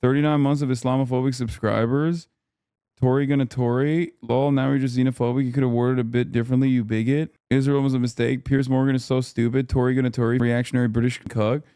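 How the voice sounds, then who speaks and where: A man's voice: medium pitch, little pitch movement, fast talker, dark tone, clear, resonant tone, dry recording, studio quality. A man streaming casual reaction commentary in a sarcastic, rambling way. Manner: sarcastic, rambling, riffing on chat.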